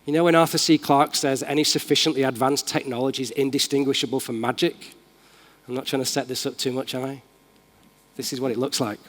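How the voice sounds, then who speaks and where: A man's voice: medium pitch, fairly even intonation, brisk, a bit bright. A man with a Manchester accent giving an enthusiastic, casual live tech demo as a conference keynote speaker in a large hall. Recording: long hall reverb.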